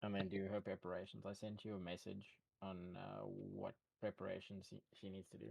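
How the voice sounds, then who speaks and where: Very deep, gravelly man, quiet and offhand, on a call with a dry sound. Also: a little fast, no room sound. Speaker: player. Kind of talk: casual chat on a game call.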